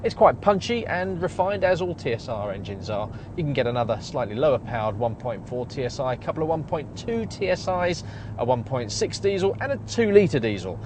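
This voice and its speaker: A man's voice: mid-range voice, big pitch swings, a little fast. A man presenting a car review, chatty and enthusiastic with wry asides, recorded inside a car. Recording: audible road and traffic noise behind.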